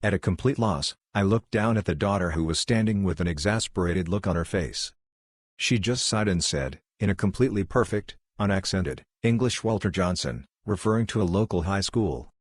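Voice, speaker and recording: Male narrator, deep and dry, steady plain read of online posts. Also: moderate pace, slightly rough, no room sound. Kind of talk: reading online posts aloud.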